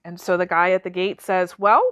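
A woman's voice: fairly low pitch, monotone, brisk, fairly bright tone, clean tone, no echo. Chatty woman hosting a podcast. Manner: chatty, with many fillers and restarts. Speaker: podcast host. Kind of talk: solo podcast talk.

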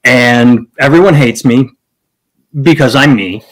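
A man's voice: medium pitch, unhurried, poor audio. Rambling, profane male storyteller. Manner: rambling, profane, restarts, acts out quoted people. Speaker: podcast host telling a story. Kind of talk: casual storytelling chat.

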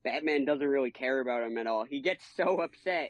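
A man's voice: medium pitch, fairly quick, hardly any pauses, no room sound. A man co-hosting a casual podcast chat, talking with enthusiasm and slang, and acting out quotes in other voices. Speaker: podcast co-host. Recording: dry, dull lo-fi sound.

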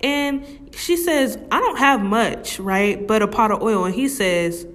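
A woman giving a casual Bible study, reading scripture slowly and talking it through, often asking "right?". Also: fairly high pitch, animated, fairly bright tone. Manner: slow, conversational, often asks "right?"; reads scripture slowly and deliberately. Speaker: Bible teacher.

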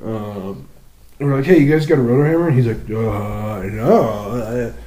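A man's voice: mid-range voice, unhurried. A man telling crude, profane stories in a casual podcast chat. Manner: crude, profane, animated storyteller. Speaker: podcast co-host.

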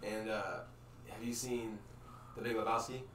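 A man's voice: lowish voice, little pitch movement, a little slow, a bit bright, slight background noise. A man, a stand-up comedian telling a rambling, laid-back story in casual chat, chuckling as he goes. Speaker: stand-up comedian and podcast co-host. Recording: echoey room, mic at a distance.

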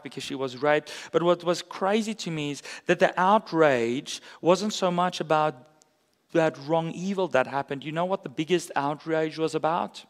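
A pastor preaching a sermon in an earnest, conversational way with casual asides. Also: male voice, fairly high pitch, moderate pace, long reverb tail. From South Africa.

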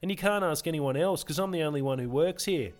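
A man's voice: fairly high pitch, quick pace, soft background music, voice pushed up, close to an everyday voice. A man voicing a smug young male ticket clerk who talks in a lazy, offhand way.

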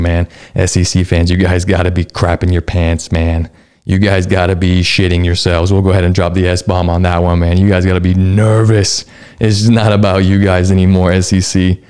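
A young man hosting a solo sports podcast, talking casually and excitedly, with lots of "man" and mild swearing. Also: low voice, clear, resonant tone. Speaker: podcast host.

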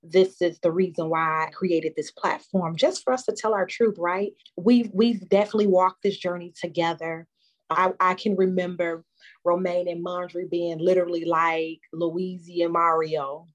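A woman from the Chicago area hosting a heartfelt conversation, speaking in a warm, preacher-like testifying manner. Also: lowish voice, steady tone, normal speed. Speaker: host.

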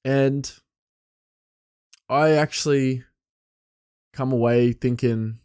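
A man hosting his podcast alone, rambling loosely and chuckling, his voice a bit hoarse. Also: fairly low pitch, unhurried, long pauses, a little mellow, no room sound, studio quality. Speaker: podcast host. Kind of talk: casual podcast monologue.

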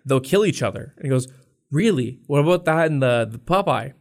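A man's voice: medium pitch, expressive, fairly quick, gravelly. A young man co-hosting a podcast, telling a rant-filled story in casual chat, cursing and acting out customers. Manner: profane, exasperated storytelling, acts out customers. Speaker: podcast co-host.

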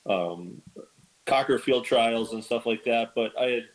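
A man guest on a podcast, telling stories in casual chat, lively and animated, acting out quoted lines with big jumps in pitch. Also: measured pace, low-quality recording. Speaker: podcast guest, bird dog kennel owner.

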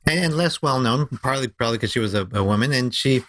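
A man who is a guest on a podcast, explaining storytelling in an animated way and slowing down to stress his points. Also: medium pitch, no echo. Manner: animated explaining, slows down for emphasis. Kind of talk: conversational podcast interview.

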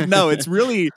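A man co-hosting a podcast in casual chat, telling stories with loud acted-out outbursts. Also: high-pitched, breathy edge, dry recording, studio quality. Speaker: podcast co-host.

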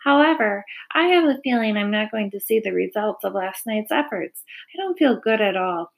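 Woman voicing a tired gentle spider. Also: mid-range voice, animated, normal speed, vocal fry. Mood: weary, tender. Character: gentle aging female spider, tired and wise.

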